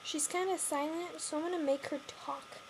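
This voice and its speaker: A woman's voice: sits high, fairly even intonation, moderate pace. A woman vlogger chatting casually and playfully, explaining things to her viewers. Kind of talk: casual vlog chat. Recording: hissy recording with clucking hens.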